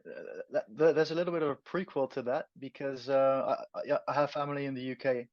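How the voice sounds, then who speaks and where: A native Dutch speaker from the Netherlands, a man with a Dutch accent, is the guest in an interview, answering thoughtfully while searching for words. His mid-range voice holds a steady tone at a quick pace. The recording is dry, dull, and lo-fi.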